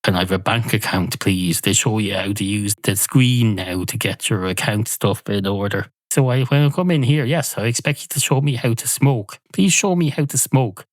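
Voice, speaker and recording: A man's voice: fairly low pitch, normal speed, few pauses, no echo, clean studio sound, natural voice. A man voicing a pushy, indignant male cat who is a regular at a bar. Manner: pushy, aggrieved, swears freely.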